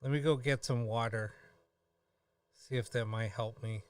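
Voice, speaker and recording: A tired man hosting a live stream, chatting casually in a halting way with many pauses and fillers. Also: medium pitch, fairly even intonation, clean tone, dry recording, far from the mic. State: tired, yawning.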